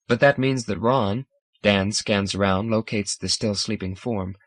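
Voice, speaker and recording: A man reading a science fiction audiobook in a dramatic, measured narration style. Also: fairly low pitch, no echo. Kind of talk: scripted narration.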